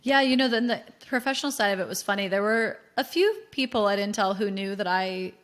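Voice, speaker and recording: A woman in her thirties from the United States, a podcast guest telling her story candidly in a chatty, animated way with many fillers. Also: medium pitch, brisk.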